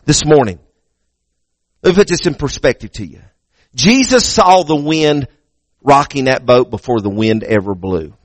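A man's voice: medium pitch, expressive, normal speed, pauses often, dry recording. A male pastor preaching a sermon in a church, emphatic, repeating words as he restarts and building to raised peaks.

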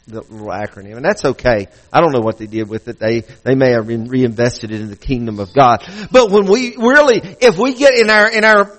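A man's voice: high-pitched, a bit bright, poor audio. A male pastor preaching a sermon in a conversational way, often restarting and repeating phrases.

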